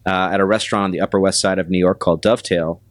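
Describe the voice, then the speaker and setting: A man with a very low, deep voice talks through his career as a guest on an interview podcast. He speaks in a measured, halting way, with plenty of pauses and restarts. The sound is dry and close. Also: steady tone, dry recording. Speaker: restaurant general manager, guest. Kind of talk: casual interview talk.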